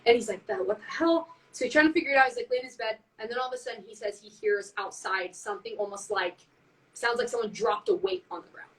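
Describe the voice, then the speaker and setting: A woman tells a story in loose, casual chat, acting out each quote and leaning on "like" constantly. Her voice sits a little high. She sounds a step back from the phone mic. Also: fast talker, distant mic, poor audio. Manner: animated, heavy use of "like", acts out quotes. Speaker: band member on a live stream.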